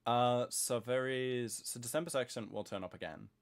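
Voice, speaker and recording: A man's voice: medium pitch, normal speed. A man chatting casually and rambling to himself while he builds in a game, thinking aloud to viewers.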